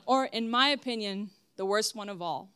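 A woman's voice: mid-range voice, normal speed, pushed and bright, a little hiss or hum. A young woman giving a personal testimony sermon at church, earnest and emphatic as she speaks straight to the congregation.

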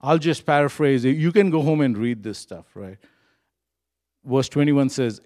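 A man's voice: medium pitch, moderate pace, darkish tone. A man preaching a sermon in an earnest, conversational way, full of fillers and restarts. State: choked up when recalling a moving moment. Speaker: pastor.

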